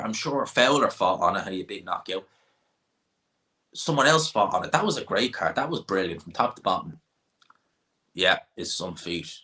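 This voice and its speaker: An Irish man with a lowish, pushed, bright voice hosts a casual livestream, answering viewer comments. His talk is opinionated and rambling, with frequent restarts.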